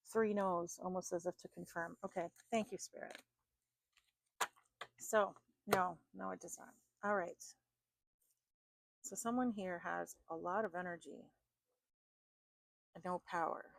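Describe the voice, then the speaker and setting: Woman card reader, low gravelly voice, dry close sound, rambling, talks things through as she goes. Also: steady tone, slow pace, pauses often, dry recording. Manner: chatty, thinks aloud with fillers and restarts. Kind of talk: spoken oracle card reading.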